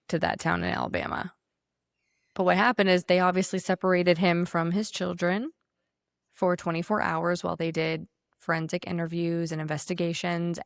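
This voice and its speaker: A woman with a slightly low voice talks through the news as a podcast co-host, sharp and sarcastic, swearing freely as she rants. The sound is dry and close to the mic, with no room around it. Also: gravelly, no echo. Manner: blunt, profane, sarcastic ranting. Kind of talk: casual political chat.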